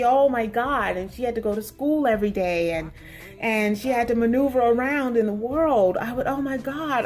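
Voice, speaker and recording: A woman in her forties telling a story in a casual vlog with emphatic, expressive delivery. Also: on the high side. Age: 40s. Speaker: vlogger.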